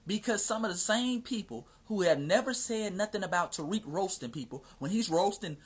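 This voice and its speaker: A man's voice: high voice, expressive, moderate pace, breathy edge. An American man hosting a casual livestream, talking emphatically in slangy speech and often checking in with his listeners. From United States. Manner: emphatic and slangy, often asks "you see what I'm saying". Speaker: livestream host. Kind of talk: casual livestream talk answering questions.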